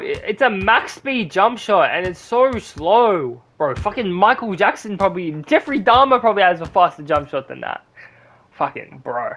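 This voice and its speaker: Here a young streamer curses out a basketball video game, his frustrated live commentary broken by mumbled asides to chat. The voice is high and gravelly with a bit of brightness, swinging widely in pitch at a moderate pace.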